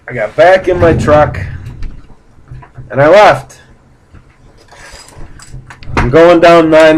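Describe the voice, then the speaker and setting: A man's voice: a little high, a little hiss or hum, poor audio. A man casually recounting a personal story in a blunt, profane way, rambling with fillers and restarts. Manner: blunt, profane, indignant retelling. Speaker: vlogger.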